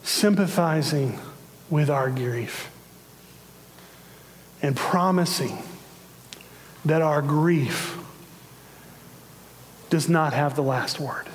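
A man with a slightly higher voice gives a sermon in a slow, earnest way that stays conversational. Long reverb from a church hall hangs around his words. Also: a little hiss or hum. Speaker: preacher.

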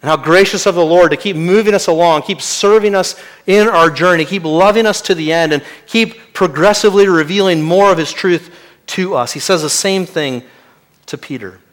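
Man preaching a sermon, pitched fairly high. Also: moderate pace. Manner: expository preaching, drops to quiet emphatic lines. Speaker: pastor.

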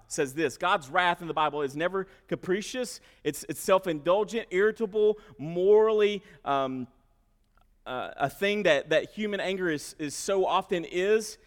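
A male pastor preaching a sermon, who swings between quiet asides and loud emphasis and often repeats words as he starts a phrase. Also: high-pitched. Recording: long hall reverb.

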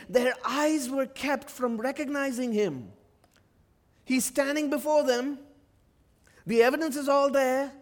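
Expressive high-voiced male preacher. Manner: expressive, acts out the disciples' voices. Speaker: pastor. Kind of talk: sermon.

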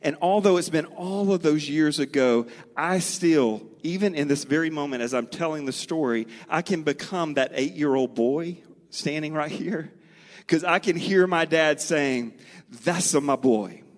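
A middle-aged man preaching a sermon, earnest and storytelling, slowing and speeding up for emphasis. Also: on the high side. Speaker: pastor. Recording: long reverb of a large hall.

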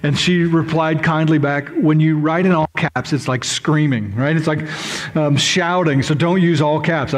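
A middle-aged man preaching a sermon in a conversational, unscripted way, with fillers and restarts. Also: a little high. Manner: conversational, with fillers and self-corrections. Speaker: pastor.

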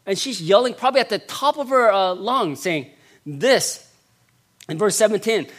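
Man, pastor, sermon, emphatic repetition, fairly high-pitched voice, loud then hushed. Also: expressive, normal speed. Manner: emphatic, repeats phrases for stress; dramatic swings from loud to hushed.

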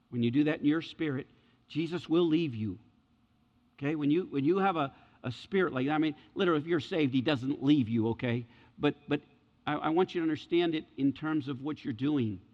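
A man's voice: a little high, a little fast. A male pastor preaching a sermon in an earnest, emphatic way, often checking in with his listeners. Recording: dull lo-fi sound with long hall reverb.

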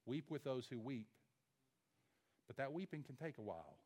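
A man's voice: medium pitch, very animated, normal speed. Emphatic man preaching a sermon. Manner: emphatic, rhetorical questions, swings from loud to soft. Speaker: pastor.

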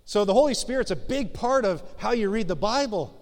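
Male pastor, sermon, slightly high voice, long hall reverb, chatty then urging. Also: animated, brisk. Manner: conversational, self-deprecating, rises to emphatic exhortation.

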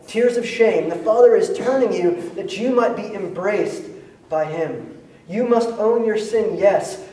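A male pastor with a high voice delivers a conversational sermon, dropping casual slang and rising to emphatic peaks. He sounds somewhat far from the mic, and his voice rings through a roomy church sanctuary with faint ambience behind it. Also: mellow, slight background noise. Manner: conversational preaching with slangy asides.

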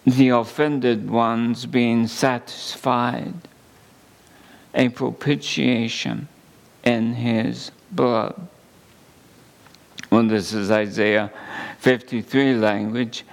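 A man preaching a sermon, reading scripture slowly and deliberately with emphatic pauses. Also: medium pitch, gravelly. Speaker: pastor.

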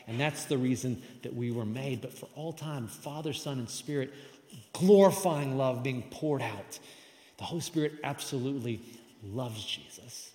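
A man's voice: medium pitch, moderate pace, darkish tone. A man giving a sermon as pastor, emphatic and conversational. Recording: echoey hall with long reverb.

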